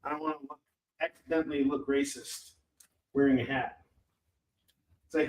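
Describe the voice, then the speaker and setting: A man's voice: a little high, moderate pace, long pauses, a bit bright. A man hosting a live shopping stream in a rambling, chatty, self-mocking way. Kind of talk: casual chat. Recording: roomy echo.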